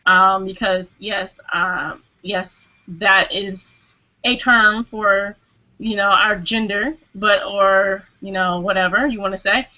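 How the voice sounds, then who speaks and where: On dull, lo-fi video call audio, a woman with a mid-range voice talks slowly in a steady yet sharp tone. She's a guest at a casual group hangout, speaking earnestly, often restarting and saying "you know."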